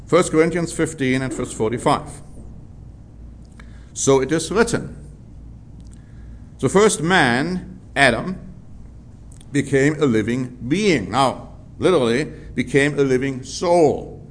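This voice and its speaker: Man, sermon, measured emphatic delivery, unhurried, mid-pitched voice. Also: expressive, a little hiss or hum. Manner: measured, emphatic, drawn-out stresses on key words. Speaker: preacher. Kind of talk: sermon, Bible teaching.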